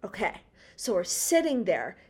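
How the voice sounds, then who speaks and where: A woman's voice: mid-range voice, huge pitch swings, a little slow, a little mellow, slightly rough. A young woman in her twenties, co-hosting a casual pop-culture podcast and telling stories in a bubbly, gushing way. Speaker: podcast co-host.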